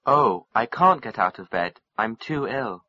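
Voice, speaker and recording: A sick boy complains from his bed, read by a man in a slow, bright, lively voice. The textbook dialogue is read dry. It sits on a dull lo-fi recording. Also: medium pitch, no room sound. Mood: complaining.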